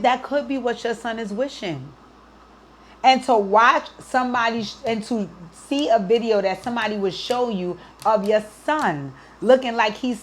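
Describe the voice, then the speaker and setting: A woman's voice: medium pitch, slight background noise. Earnest woman giving emotional advice. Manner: emotional, earnest, near tears, frequent "right?". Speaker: advice show host. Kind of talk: heartfelt advice talk to a listener.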